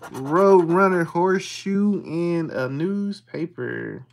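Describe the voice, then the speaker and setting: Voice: mid-range voice, takes it slowly, gravelly, a little hiss or hum. A livestream host, casually reading out symbols one by one and greeting viewers in the chat.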